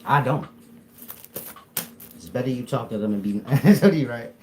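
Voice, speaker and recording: A man's voice: mid-range voice, lively intonation, measured pace, soft background music. A man with an African American Vernacular English accent, speaking as a spiritual teacher to a live audience, blunt, profane and joking.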